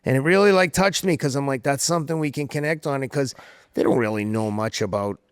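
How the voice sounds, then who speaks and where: A man's voice: medium pitch, quick pace, clean tone, no room sound, clean studio sound. A middle-aged man from Somerville, Massachusetts, hosting a casual chat and telling stories with acted-out voices. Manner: animated storytelling, acts out quoted voices. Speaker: podcast host.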